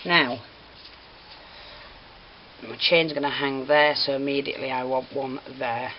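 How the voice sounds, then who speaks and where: With a notably low voice, a craft teacher walks through a hands-on tutorial, chatty, apologetic, and quick to giggle. She speaks a little slowly with fairly even intonation. The recording sounds a bit dull, with faint hiss underneath.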